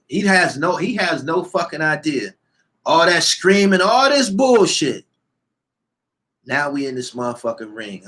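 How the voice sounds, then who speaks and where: A man ranting loudly and profanely, reading out comments and answering them heatedly, repeating his lines for emphasis. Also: on the high side. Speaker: show host.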